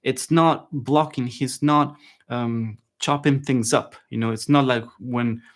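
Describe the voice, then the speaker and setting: A man giving a live online saxophone lesson, relaxed and chatty, often checking in with his viewers and singing phrases to show them. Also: mid-range voice, takes it slowly. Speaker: saxophone teacher.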